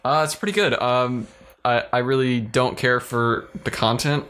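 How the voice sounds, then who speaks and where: A man's voice: mid-range voice, fairly even intonation, unhurried, a bit bright, clean tone. A young man co-hosting a podcast, talking casually and easygoing with dry joking asides. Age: young adult. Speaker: podcast co-host. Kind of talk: casual chat.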